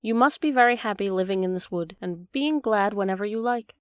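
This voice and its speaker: A woman voicing a fussy, excitable old queen in a storybook reading. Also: medium pitch, fairly quick, smooth, no room sound, studio quality, natural voice.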